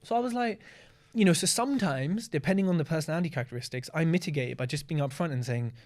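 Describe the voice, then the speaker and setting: A man speaking as a guest in an interview, blunt and candid, telling stories in a lively way and swearing freely. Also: fairly high pitch, fast. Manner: animated storytelling with acted-out asides. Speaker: podcast guest, property investor. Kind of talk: casual interview talk.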